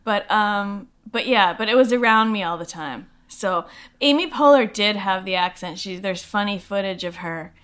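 A middle-aged actress from Massachusetts, chatting as an interview guest, self-deprecating and full of fillers. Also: female voice, medium pitch, normal speed, a bit bright, smooth. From Lexington, Massachusetts. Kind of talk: casual interview chat.

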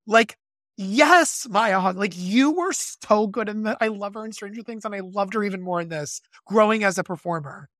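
An enthusiastic podcast co-host who teaches music, chatting about a film and rushing through asides. The delivery is gushing and animated. The recording is dry and close, with no room sound. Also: mid-range voice, no echo. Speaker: music educator and conductor. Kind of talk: casual film discussion.

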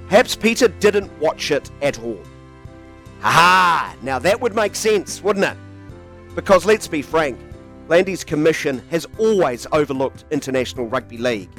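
A man delivering a sarcastic, scripted sports opinion piece full of mocking rhetorical questions. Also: on the high side. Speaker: sports commentator.

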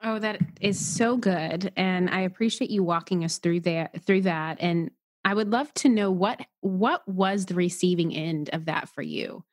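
A woman's voice: on the low side, a little slow, no echo, clean studio sound. A woman hosting a podcast, asking encouraging follow-up questions. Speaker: podcast host. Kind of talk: casual interview talk.

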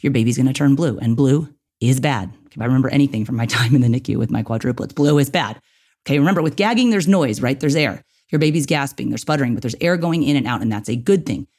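A man's voice: medium pitch, quick pace, darkish tone. A man hosting an instructional podcast, talking directly to listeners in a coaching way and often checking in with "okay" and "right". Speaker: podcast host.

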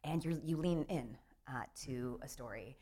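Interviewed in a relaxed chat, a Southern U.S. woman who writes plays talks with animation, often laughing and starting her sentences over. She has a bass voice that is warm and unhurried, with a breathy edge.

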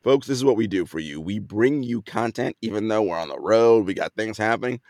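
A man's voice: on the low side, animated, fairly quick, a little mellow, dry recording, studio quality. A man hosting a podcast, chatting in a laid-back way with frequent fillers and easy laughs. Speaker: podcast host. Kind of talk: casual chat.

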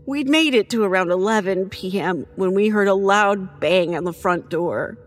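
A woman narrating a first-person horror story in an expressive, measured storytelling manner. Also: mid-range voice, faint music behind.

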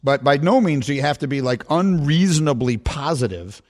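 A man's voice: on the high side, normal speed. A middle-aged man hosting a sports radio show, talking in a casual, emphatic rant. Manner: animated, emphatic ranting.

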